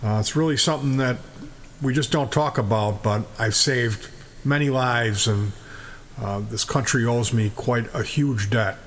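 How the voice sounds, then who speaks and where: A man's voice: medium pitch, unhurried, slight background noise, lightly acted. A man voicing a boastful talking dog who spins tall tales in a joke. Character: smooth-talking male talking dog, boastful spy.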